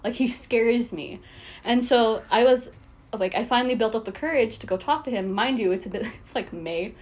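A young woman co-hosting a podcast, telling lively stories, swearing and laughing often. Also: on the high side, normal speed. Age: young adult. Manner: animated storytelling, swears a lot, laughs often. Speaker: podcast co-host. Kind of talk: casual chat.

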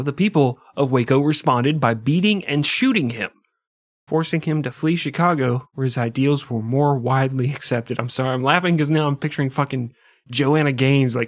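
A man hosting a podcast, telling a history story casually, with sarcastic, profane, deadpan jokes. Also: medium pitch, no room sound, clean studio sound. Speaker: podcast host.

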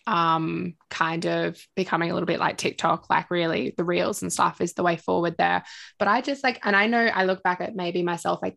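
A woman's voice: lowish voice, vocal fry, a bit bright. A woman who coaches clients, chatting casually about spirituality in a rambling way, full of "like" and "um". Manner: rambling, filler-heavy, with many "like"s. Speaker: coach with her own business.

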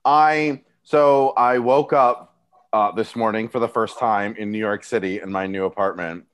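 A man co-hosting a casual podcast, excitable and jokey, often cutting in. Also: fairly low pitch, measured pace, clear, resonant tone. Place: new apartment.

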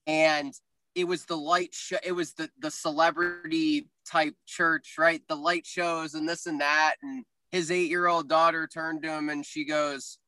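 Church podcast guy, bright tense voice, super dry close sound, easygoing storyteller. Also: fairly high pitch, flat delivery, a little slow, no echo, rough recording. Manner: casual storyteller, agreeable, chuckles. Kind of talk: casual church podcast chat.

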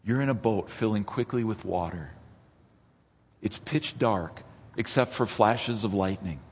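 Pastor preaching dramatically in a reverberant hall. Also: male voice, lowish voice, measured pace, husky. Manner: dramatic, rising to near-shouts in vivid retellings. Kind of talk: sermon. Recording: long reverb of a church hall.

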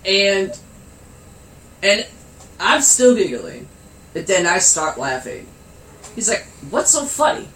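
A man with a high, lively voice spins a loose, funny anecdote, breaking into giggles and cursing without a second thought. He takes his time with it, in a roomy space with faint background noise. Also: slow pace, pauses often. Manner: swears freely. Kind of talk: casual storytelling.

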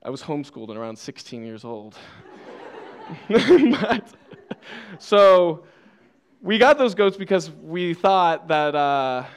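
A young man with a fairly high, clear, resonant voice preaches in church, very animated yet slow and pausing often. Playful and self-deprecating, he tells a funny childhood story, laughing at himself frequently, before turning to scripture.

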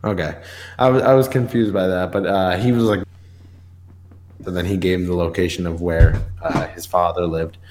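A man's voice: deep voice, steady tone, moderate pace, noisy background. A young man, co-hosting a casual podcast and recapping a comic in a rambling, filler-heavy way. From New York. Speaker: podcast co-host. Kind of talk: casual chat.

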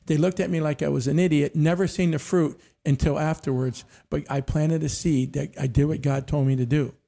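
A man's voice: fairly high pitch, fairly even intonation, brisk, vocal fry, mellow. A middle-aged man telling faith stories in a casual church panel discussion, often saying amen. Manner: storytelling, frequent amens.

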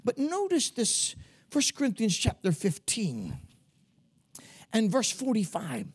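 A man preaching a sermon with fervor, often rising into shouts and peppering his speech with "uh". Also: high-pitched, huge pitch swings, slow pace, husky. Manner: fervent, swelling into shouts, many "uh" fillers.

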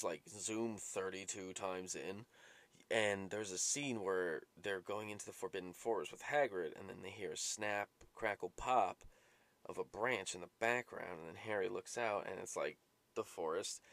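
A man with a lowish voice hosts a solo podcast, recorded with no echo. He rambles, swears, and keeps drifting from one topic to another, easily sidetracked and profane throughout.

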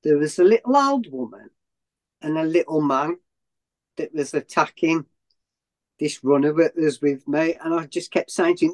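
A man's voice: on the high side, lively intonation, normal speed, pauses often. A man, a runner being interviewed, who tells a long story in a rambling way with many restarts and self-corrections. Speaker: ultrarunner guest.

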